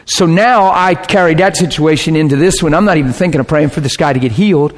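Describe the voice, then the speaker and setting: Animated male preacher telling a story. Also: fairly high pitch, fast. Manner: animated, bursts into shouting and laughter. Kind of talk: sermon storytelling.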